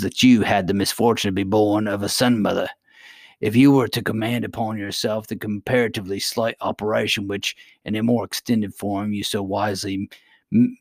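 A man's voice: fairly low pitch, vocal fry, no echo, clean studio sound. A man reading aloud and voicing a sly, fawning goblin counselor with an oily, mock-deferential manner.

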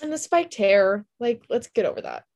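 A woman co-hosting a podcast who teases her co-host with quick, laughing remarks. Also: on the high side, expressive, a little mellow. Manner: teasing, quick-witted, laughing. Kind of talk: casual chat.

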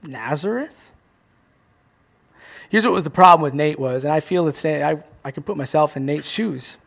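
A young man preaching a sermon as pastor, animated, acting out little scenes and joking at his own expense. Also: a little high, normal speed, creaky. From Canada. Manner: animated, acts out voices, self-mocking jokes.

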